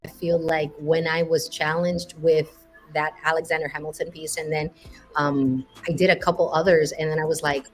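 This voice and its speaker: A woman's voice: deep voice, fairly even intonation, fairly quick, faint music behind. A young adult woman, a voice actress being interviewed, chatting playfully and showing off different voices. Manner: playful, demonstrates voices freely. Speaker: voice actress guest. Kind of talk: casual interview chat.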